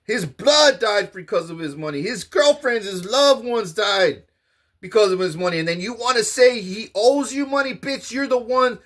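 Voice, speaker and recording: A man giving a profane, animated comedic rant, boasting and acting out scenes. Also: high voice, moderate pace. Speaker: vlogger.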